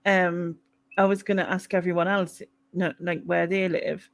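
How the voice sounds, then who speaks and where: A woman with a Mackem accent hosts a casual live chat stream. She talks loosely and warmly with a co-host, laughing often as she reads out viewer comments. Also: lowish voice, little pitch movement, moderate pace. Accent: Mackem (Sunderland). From North East England.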